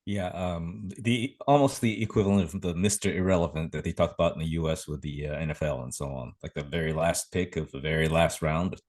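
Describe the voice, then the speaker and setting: Deep-voiced man co-hosting a podcast. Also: brisk, few pauses, a little mellow. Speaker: podcast co-host. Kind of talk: casual podcast chat.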